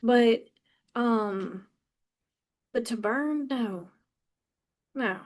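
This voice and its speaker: Passionate, blunt woman in her fifties. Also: on the high side. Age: 50s. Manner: passionate, blunt and profane, with halting restarts. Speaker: podcast host. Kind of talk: candid personal monologue.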